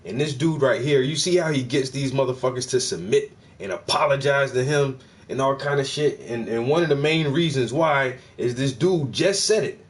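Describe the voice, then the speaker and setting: A man hosting a casual reaction commentary, talking in profane street slang with loud exclamations. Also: mid-range voice, moderate pace. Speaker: host reacting to a clip.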